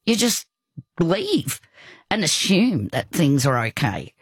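An older woman, telling a personal story in conversation, halting, with frequent restarts and asides. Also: lowish voice, sing-song, breathy edge, no room sound. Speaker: guest.

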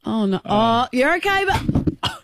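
A woman's voice: a little high, very animated, no echo. A woman co-hosting a radio show, chiming in with playful teasing remarks. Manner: playful, quick teasing interjections. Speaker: radio co-host. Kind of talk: casual radio banter. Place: radio studio.

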